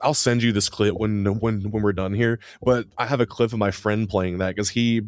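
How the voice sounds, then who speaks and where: Male co-host, low and dry, excitable casual storyteller. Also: normal speed, no echo. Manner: excitable storyteller, lots of fillers. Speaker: podcast co-host. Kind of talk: casual chat.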